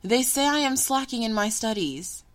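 A woman's voice: fairly high pitch, lively intonation, normal speed, pitched above the performer's own voice, close to an everyday voice. A woman reading a story, voicing an earnest seventeen-year-old boy who is eager and a little petulant. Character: earnest teenage boy, eager, sulky, impatient.

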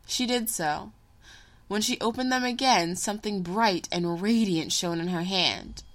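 A woman narrating a story in a measured, unhurried reading voice. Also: medium pitch.

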